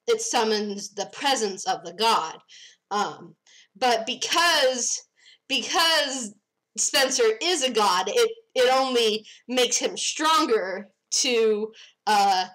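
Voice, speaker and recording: A woman's voice: a little high, bright, forceful tone, low-quality recording. A young woman retelling the story of her comic on a livestream, rambling and hesitant, with lots of ums and giggles.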